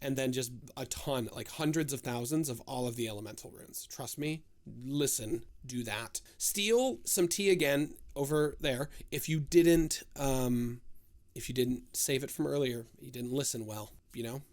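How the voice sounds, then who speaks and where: A man's voice: medium pitch, a little slow, darkish tone. A man giving a casual game walkthrough, firing off step-by-step instructions with joking asides. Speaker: streamer giving a game guide.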